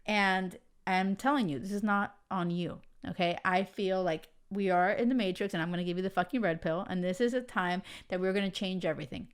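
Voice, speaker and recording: A young woman hosting a podcast, talking emphatically and excitedly, swearing freely. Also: mid-range voice, fairly quick, few pauses, clean tone. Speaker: podcast host. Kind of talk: casual podcast chat.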